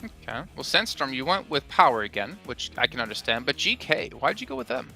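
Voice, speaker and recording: A man runs an esports analyst desk at speed, his voice sharp and bright. He throws teasing questions to his co-hosts. Faint music plays behind him. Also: medium pitch, sing-song, a little fast, gravelly.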